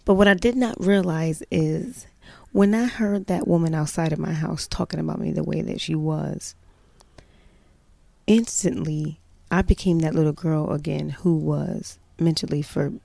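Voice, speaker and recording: A woman's voice: deep voice, steady tone, a little slow, gravelly, warm tone, no echo. A mother telling a personal story in casual, chatty style, emphatic and full of "you know" fillers.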